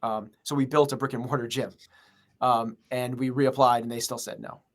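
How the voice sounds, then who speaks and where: A man's voice: mid-range voice, fairly even intonation, moderate pace. A man who runs a gym, speaking as a podcast interview guest in an earnest, rambling way full of fillers. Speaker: gym owner and coach.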